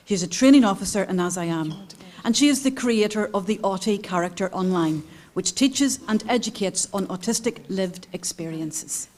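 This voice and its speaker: A woman introduces a speaker at a conference. She reads in a calm, measured voice at a steady pitch. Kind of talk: formal introduction.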